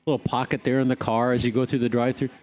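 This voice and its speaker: A man's voice: medium pitch, little pitch movement, rapid-fire, a little mellow. A man hosting a radio show, chatting casually and jokingly teasing his guests. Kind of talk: casual on-air radio chat.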